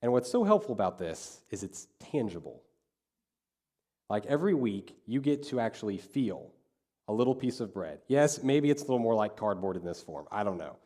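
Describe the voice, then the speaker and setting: A man's voice: lowish voice, very animated, normal speed, dark tone. A male pastor preaching a sermon, telling a story and acting out the quoted dialogue.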